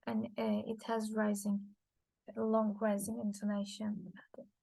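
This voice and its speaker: A woman whose first language is Turkish, reading a linguistics lecture from slides, halting with frequent fillers and restarts. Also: mid-range voice, monotone, gravelly, mellow, no echo, low-quality recording.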